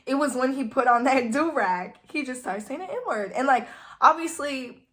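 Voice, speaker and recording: Chatty young woman with a higher voice. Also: lively intonation, normal speed, fairly bright tone. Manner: chatty, heavy use of "like". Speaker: vlogger. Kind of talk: casual storytime.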